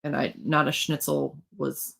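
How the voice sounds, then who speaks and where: Low-voiced joking woman host. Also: level tone, measured pace, gravelly, a bit bright. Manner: joking, rambling. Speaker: livestream host, author. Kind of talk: casual chat.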